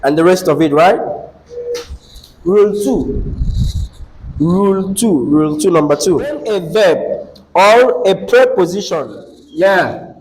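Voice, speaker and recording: Male teacher, high voice, slow and deliberate, faint hiss behind. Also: expressive, a little mellow, poor audio. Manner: asks the class questions, repeats key phrases. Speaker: English teacher. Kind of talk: classroom lesson.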